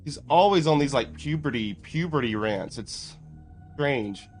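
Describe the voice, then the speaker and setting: A man's voice: mid-range voice, expressive, unhurried. A man comments casually on a livestream in a chatty, mocking way, greeting viewers by name. Faint music plays behind his voice. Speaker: commentary streamer.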